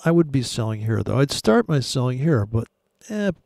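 A man's voice: medium pitch, sing-song, moderate pace, gravelly, a little mellow, no echo, clean studio sound. A man giving crude, sarcastic commentary while trading live charts. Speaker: forex trader.

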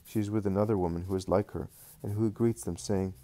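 Calm man narrating a devotional book. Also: fairly low pitch, fairly quick, hardly any pauses, a little hiss or hum. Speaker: audiobook narrator.

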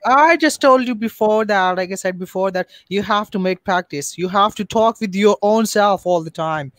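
Man, Pakistani English accent, high-pitched, dry close sound, encouraging teacher on a video call. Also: moderate pace, fairly bright tone, no room sound, rough recording. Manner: encouraging, repeats points insistently. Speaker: host of an English speaking class. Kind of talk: casual online video-call chat.

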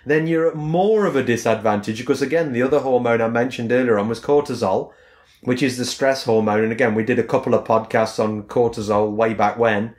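A man co-hosts a fitness podcast and talks it through in a loose, rambling way, returning to "again" over and over. His voice sits at an ordinary middle pitch. The room around him gives a clear echo. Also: a little fast, darkish tone. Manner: rambling, repeats "again" as a filler. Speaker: podcast co-host, fitness coach. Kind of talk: casual explanatory podcast chat.

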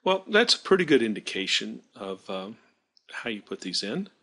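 Husky, lively-voiced man teaching on screen. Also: lowish voice, moderate pace. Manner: thinking aloud while working, self-correcting. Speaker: math teacher. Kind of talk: screen-recorded software tutorial.

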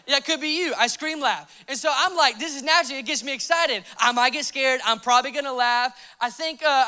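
High, bright-voiced young male pastor. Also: clear, resonant tone. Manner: animated, laughing storyteller. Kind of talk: sermon with personal storytelling.

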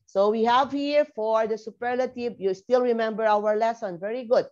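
A woman's voice: fairly high pitch, moderate pace, muffled recording. A woman teaching a grammar lesson online, spelling words out letter by letter and checking in with "okay?" after many points. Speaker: English teacher.

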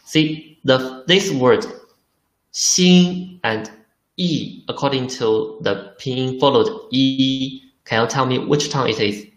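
Slow, deliberate male language teacher. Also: medium pitch, reverberant. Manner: slow and deliberate, repeating words, asks the learners questions. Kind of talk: slow spoken language lesson.

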